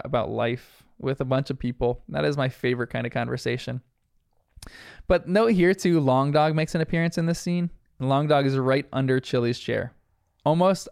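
A man's voice: on the high side, creaky, darkish tone, clean tone, no echo, clean studio sound. A young man giving a casual, chatty recap of a cartoon episode, reflective and full of fillers. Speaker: episode reviewer.

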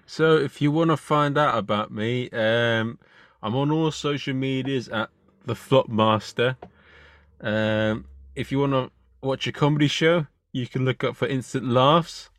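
A man's voice: mid-range voice, a little slow, fairly bright tone, no echo. A man who is a comedian, a guest on a podcast, speaking hesitantly and searching for words as he thinks aloud. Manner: hesitant, many fillers and restarts while thinking. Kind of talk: casual interview chat.

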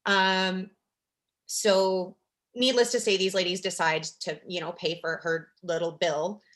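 A woman's voice: lowish voice, steady tone, unhurried, fairly bright tone. Chatty young woman telling a story. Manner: chatty, fillers like "like" and "you know". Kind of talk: casual storytelling chat.

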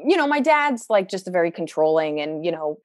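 A woman's voice: lowish voice, a little fast, no room sound, studio quality. A young woman comedian telling stories about her family in a casual chat, full of fillers and quoted asides. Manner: chatty, lots of fillers, animated quoted asides. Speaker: stand-up comedian, guest. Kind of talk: casual conversational storytelling.

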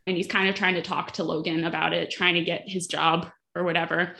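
A woman podcast host casually recapping a TV episode, telling it in a lively way with acted-out quotes. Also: on the low side, fairly quick, gravelly, slight background noise. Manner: animated storytelling, acts out quotes.

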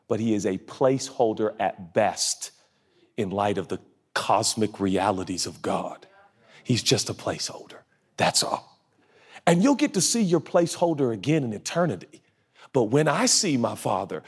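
Male pastor, expressive sermon delivery, husky tone, wide swings in pitch. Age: adult, a father. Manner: animated, jumps into high-pitched acted voices, then drops low and soft.

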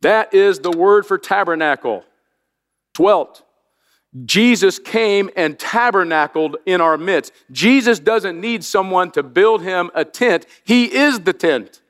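A man preaching a sermon as pastor, animated, with jokey asides and rhetorical questions to the congregation. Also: sits high, slow pace, long reverb tail.

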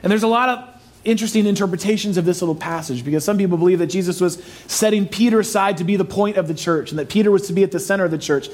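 A man preaching a sermon as pastor, emphatic and animated, with playful asides to his listeners. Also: sits high, racing.

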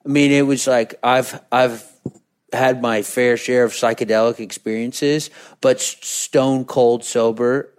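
A man's voice: medium pitch, fairly even intonation, a little slow, clean tone. Laid-back man with dry humor. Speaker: podcast co-host. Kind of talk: casual couple chat.

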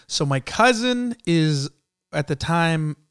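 A man's voice: fairly high pitch, animated, takes it slowly, a bit bright, clean tone, dry recording, studio quality. A man from San Jose, California, telling a comic story in casual chat, acting out the people he quotes and laughing often. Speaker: comedian guest.

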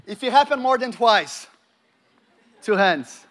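A man with a notably high voice preaches to a live congregation. He tells a personal testimony, acting out the dialogue. He keeps turning to the crowd with questions. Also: lively intonation, slow pace, a bit bright, a little hiss or hum. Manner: storytelling, acts out dialogue, engages the audience. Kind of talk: sermon with testimony.

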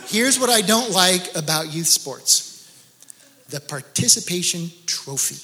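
A middle-aged male pastor preaching a sermon with animated, joking storytelling. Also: high voice, unhurried, noisy background. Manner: animated storytelling with laughs and exclamations.

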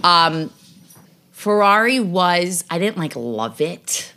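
Low-voiced woman host gossiping and cursing casually on a podcast. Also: animated, takes it slowly, pushed and bright. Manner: chatty, swears freely, gossipy asides. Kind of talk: casual chat.

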